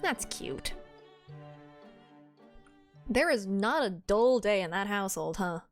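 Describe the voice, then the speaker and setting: A woman's voice: mid-range voice, animated, takes it slowly, soft background music. A woman streamer giving chatty, giggly commentary while playing a game.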